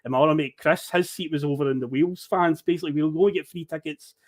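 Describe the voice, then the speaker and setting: A man on a podcast, telling a lively story, acting out the people he met and swearing casually. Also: on the high side, fast talker. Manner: animated storyteller who acts out quoted people, swears casually.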